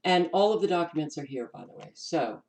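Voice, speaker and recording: A woman with a New York accent, hosting her own channel and giving casual commentary as she reads from documents, pausing with ums and restarting words. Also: low voice, very animated, gravelly, a little mellow, low-quality recording. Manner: unhurried, stops to restart words, many ums. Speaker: channel host.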